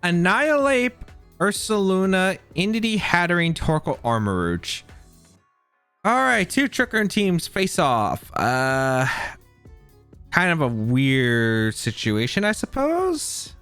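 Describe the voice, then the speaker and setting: A man's voice: sits high, big pitch swings, slow pace, a bit bright, clear, resonant tone, soft background music. A man giving live commentary on his own competitive match, thinking aloud and second-guessing his plays. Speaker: competitive game player.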